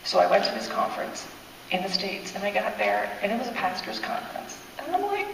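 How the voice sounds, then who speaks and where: A woman's voice: mid-range voice, very animated, fairly quick, vocal fry, noisy background. Woman sharing her faith story at church, heartfelt and breathless, distant in a big reverberant hall. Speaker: church testimony speaker. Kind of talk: personal testimony. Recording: echoey hall, speaker far from mic.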